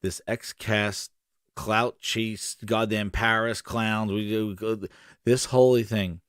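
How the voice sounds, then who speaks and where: In a dry, studio-quality recording, a podcast host with a fairly low, level, fairly bright and smooth voice rants angrily about gaming. He takes it slowly, swearing heatedly, stammering and repeating himself often.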